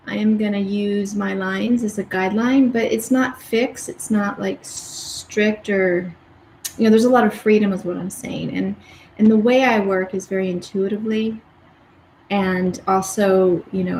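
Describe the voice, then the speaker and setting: A woman's voice: medium pitch, a little mellow, slight background noise. Chatty woman painting in a roomy studio. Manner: chatty, rambling, with many restarts. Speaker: art educator hosting a live painting stream. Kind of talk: casual live-stream chat while painting. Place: home art studio.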